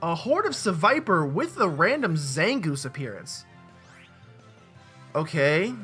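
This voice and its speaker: A let's-play host rambles casually at a desk mic with a webcam, mocking himself as he plays a game. His mid-range voice is a bit bright, with big pitch swings and a measured pace, and soft music plays in the background.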